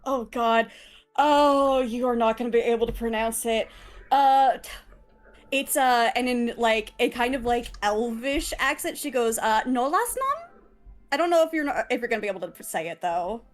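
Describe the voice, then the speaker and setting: A woman's voice: a little high, moderate pace. Giggly woman playing a tabletop game. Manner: giggly, chatty. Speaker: player. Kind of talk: casual tabletop play.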